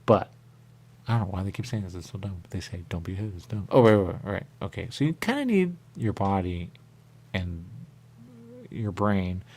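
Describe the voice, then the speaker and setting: A man's voice: low-pitched, expressive, normal speed, darkish tone. A man improvising as the ghost of a dead man, rambling and repeating himself, sometimes dropping to a whisper. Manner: rambling, repetitive, drifting into whispers. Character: rambling dead man's ghost, confused and rhyme-obsessed. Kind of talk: improvised comedy monologue.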